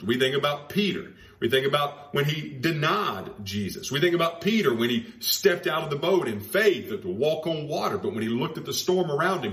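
A man preaching a sermon, stressing key phrases by slowing down and repeating them. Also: on the high side, a bit bright. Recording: roomy echo.

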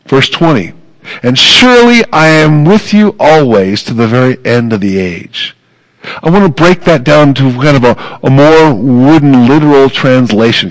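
A man's voice: mid-range voice, rough recording. A man preaching a sermon as pastor, earnest and emphatic, repeating phrases for weight.

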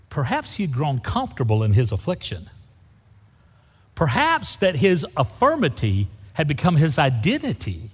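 A man's voice: fairly high pitch, slightly rough, long reverb tail. A man preaching a sermon as a pastor, folksy and joking, acting out the people in the story. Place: church sanctuary.

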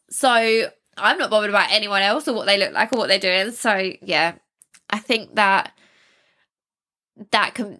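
A woman's voice: medium pitch, pushed and bright. A young woman hosting a self-help podcast, talking casually and reassuringly with small laughs and restarts. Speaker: podcast host. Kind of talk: casual solo podcast talk.

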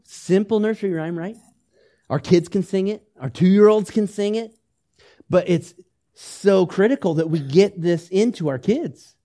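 A male pastor delivers a sermon in a voice pitched a little high for a man. He swings between loud, urgent emphasis and soft, tender asides, and keeps drawing the congregation in with questions and calls to repeat after him. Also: animated, a little slow. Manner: asks the congregation questions and leads them in repeating phrases.

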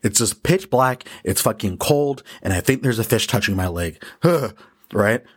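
A man with a low, husky voice talks straight through a casual motivational monologue as a podcast host. He swears often and pokes fun at himself while staying blunt. His tone is rough rather than polished. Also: animated, unhurried. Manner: profane, blunt, self-deprecating.

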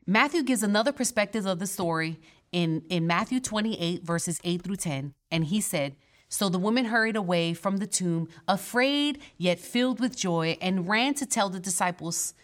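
A woman's voice: mid-range voice, expressive, normal speed. A woman pastor delivering a sermon in a church, earnest and conversational, with playful asides between scripture readings.

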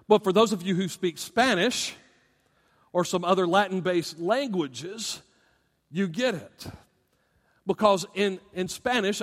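High-voiced preaching man in a reverberant hall. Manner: animated, emphatic preaching with asides to the congregation. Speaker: pastor. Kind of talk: sermon.

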